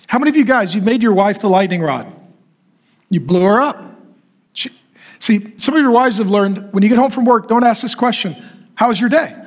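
High-voiced man preaching to men. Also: fairly quick, pauses often. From North Dakota, US. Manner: direct, conversational, asks the crowd to raise hands. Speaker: pastor. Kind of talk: sermon to men.

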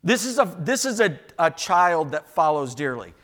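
An older male pastor delivering a sermon in a church sanctuary. His voice sits high and bright. He swings from reading scripture to animated storytelling and playful asides to the pews. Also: normal speed.

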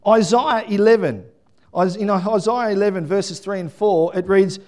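A middle-aged man preaching a Mother's Day sermon, dropping to quiet asides and then building to loud emphatic shouts. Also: high-pitched, moderate pace. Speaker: pastor.

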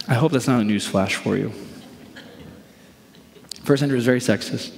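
A man in the middle of a sermon, talking easily and plainly, with a mid-range voice. He slips into little acted-out quotes as he walks through scripture. His voice rings out with a long reverb that carries through the church hall. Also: medium pitch. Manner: conversational preaching with acted-out quotes. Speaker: pastor.

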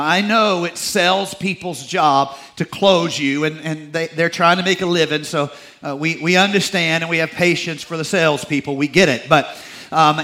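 A man preaching a sermon in a folksy, joking way, dropping into quiet asides between scripture readings. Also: on the high side. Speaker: pastor.

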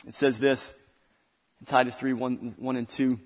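A man's voice: medium pitch, little pitch movement, unhurried, long reverb tail. A male pastor preaching a sermon, building intensity through repeated phrases. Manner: preaching with rising intensity and repetition.

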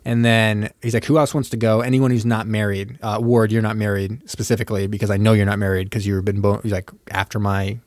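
A man's voice: lowish voice, little pitch movement, brisk, few pauses, no room sound, clean studio sound. A man co-hosting a casual podcast, retelling a film plot and acting out the characters' lines. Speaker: podcast co-host. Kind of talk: casual movie recap chat.

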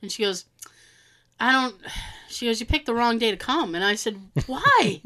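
A woman from Massachusetts co-hosting a casual chat show, telling stories in an animated way and acting out the people in them. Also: a little high, normal speed. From Massachusetts, USA. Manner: animated storytelling, acts out quoted people. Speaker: podcast co-host.

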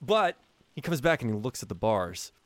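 A man narrating as game master of a tabletop game, telling the scene in a lively storytelling way with fillers and restarts. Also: medium pitch, normal speed, dry recording.

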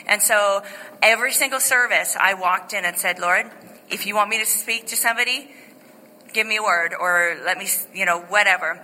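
A middle-aged woman pastor giving an informal sermon testimony, chatty and animated, with many fillers and restarts. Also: medium pitch, moderate pace, in a large hall, slight background noise, rough recording. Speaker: lead pastor. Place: church sanctuary.

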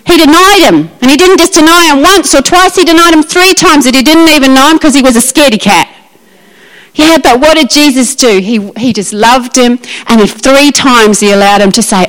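A woman preaching a lively, emphatic sermon and acting out Bible scenes. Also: high-pitched, a little fast, low-quality recording.

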